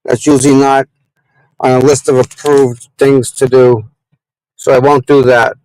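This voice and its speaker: Slow-talking man streaming from car. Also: medium pitch, little pitch movement, a little mellow, no room sound, poor audio. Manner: rambling, talks straight to viewers, grumbles at other drivers. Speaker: livestream host. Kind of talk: casual live-stream chat while driving. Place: inside a car.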